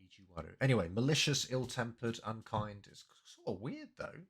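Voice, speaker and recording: A man's voice: medium pitch, sing-song, moderate pace, a bit bright, husky. A man casually breaking down language and grammar, thinking aloud with many fillers and self-corrections. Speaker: language learning streamer.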